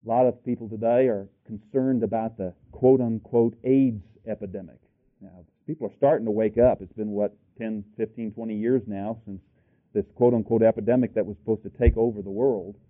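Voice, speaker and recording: A man preaching a sermon, firing rhetorical questions at the congregation and rising to loud, emphatic peaks. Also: on the low side, steady tone, brisk. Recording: tinny phone-like audio.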